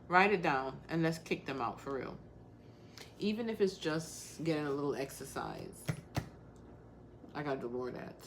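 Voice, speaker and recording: A woman's voice: low-pitched, expressive, moderate pace, gravelly, long pauses, background noise. A woman hosting a casual crafting livestream, talking bluntly and straight to the point while calling out viewers by name.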